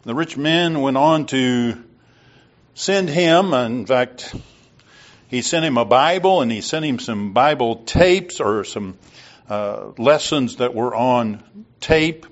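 A man preaching a sermon and retelling a story in a slow, deliberate way, on a dull lo-fi recording. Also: mid-range voice, expressive.

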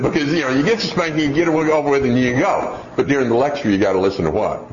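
A middle-aged man preaching a sermon, telling stories and acting out voices in an animated way. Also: medium pitch, fast, crowd noise. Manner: animated storytelling with acted-out voices. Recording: dull roomy hall sound, faint noise.

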